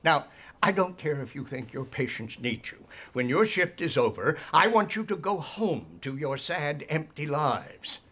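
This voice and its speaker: An actor playing a pompous, stingy older hospital chief in a TV comedy, condescending and clipped. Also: male voice, on the high side, big pitch swings, unhurried, pushed and bright, slightly rough, exaggerated voice.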